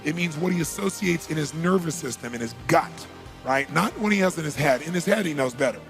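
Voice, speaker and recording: A man's voice: on the high side, lively intonation, brisk, gravelly, a bit bright, soft background music. A man giving an emphatic motivational talk at a seminar, telling a story and repeating key phrases for weight. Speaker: motivational speaker.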